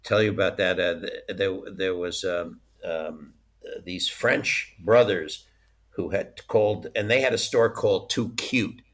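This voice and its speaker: Low, bright-voiced man telling stories. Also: unhurried. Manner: chatty, laughs often mid-story. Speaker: interview guest, former studio licensing executive. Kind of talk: casual anecdotal storytelling.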